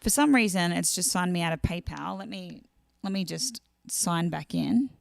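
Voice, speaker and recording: A woman's voice: lowish voice, expressive, moderate pace, vocal fry, no room sound, clean studio sound. Woman chatting on her live stream. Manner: chatty and warm-hearted, reading out viewer comments. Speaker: singer-songwriter hosting a live stream. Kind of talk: casual live-stream chat.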